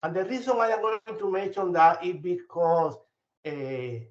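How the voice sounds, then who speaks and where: A man's voice: high voice, lively intonation, moderate pace. Older man with Spanish accent, hesitant. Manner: hesitant, many fillers and restarts. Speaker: physician asking a question. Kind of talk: audience comment at grand rounds. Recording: echoey room, muffled lo-fi audio.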